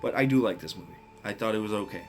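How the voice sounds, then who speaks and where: A man casually ranking horror films, speaking bluntly, swearing often and getting excited about what he likes. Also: lowish voice, rapid-fire, soft background music. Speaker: movie reviewer. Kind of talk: casual film ranking monologue.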